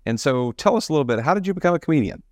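A man's voice: a little high, expressive, very fast, no room sound, clean studio sound. A man hosting an interview, supportive, asking questions with frequent fillers. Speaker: podcast host. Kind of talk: casual interview.

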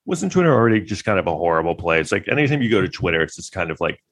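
Man with a lowish voice for a chatty vlog, loose and sarcastic, heavy on fillers. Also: sing-song, very fast, a bit bright. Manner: rambling, heavy use of filler words; sarcastic, incredulous. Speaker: vlogger giving trial commentary. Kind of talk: casual rambling commentary.

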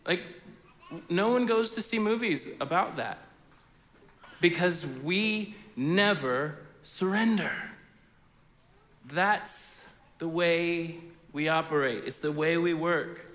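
Casual, animated male preacher. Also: a little high, slow, long pauses, in a large hall. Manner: conversational, animated preaching with frequent fillers. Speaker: pastor. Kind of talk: sermon.

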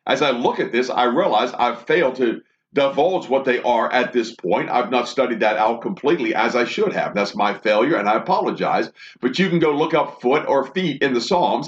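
Earnest man teaching scripture, lively pitch. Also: moderate pace, hardly any pauses. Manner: earnest, reads verses then expounds. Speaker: Bible teacher. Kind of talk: Bible study teaching, reading scripture aloud. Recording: dull lo-fi recording.

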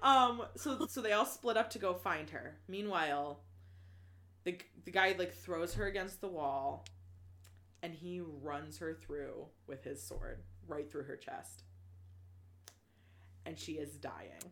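A woman recapping a novel in casual chat, animated and laughing often, swearing freely and full of restarts. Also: low voice, slow pace.

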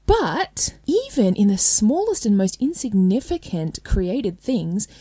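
A woman's voice: medium pitch, sing-song, slow pace, warm tone, breathy edge, no echo. A woman with an Australian accent hosts a casual explainer, talking in a chatty way that keeps checking in with "right?" and "okay?" and breaks into light laughs. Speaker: host. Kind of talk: casual educational talk.

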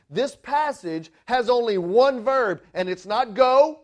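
A male pastor delivering a sermon with a fairly high voice. He talks emphatically, stumbling over restarts and fillers as he drives his points home. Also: animated, slow pace, hardly any pauses.

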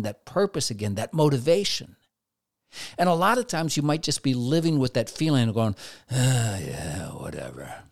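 Man asking rhetorical questions in a faith talk. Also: on the high side. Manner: rhetorical questions, acts out quoted inner voices. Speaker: therapist giving a faith talk. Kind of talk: motivational faith talk to camera.

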